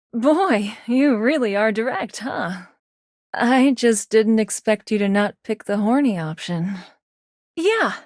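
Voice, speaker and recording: A brash, flirty game vixen. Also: female voice, on the high side, no room sound, studio quality. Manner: teasing, sarcastic, swings to insecure. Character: brash flirty self-centered female game character. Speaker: voice actor. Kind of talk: video game character dialogue. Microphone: studio microphone.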